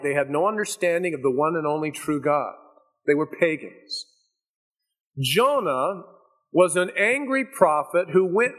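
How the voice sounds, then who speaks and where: Male preacher, higher voice, emphatic and dramatic sermon delivery. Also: a bit bright.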